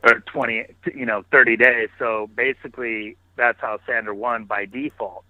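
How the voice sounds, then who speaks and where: A man's voice: mid-range voice, fairly even intonation, normal speed, no room sound. Man talking over a tinny phone line. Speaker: podcast guest. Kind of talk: casual interview talk. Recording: phone-like narrow line, dry.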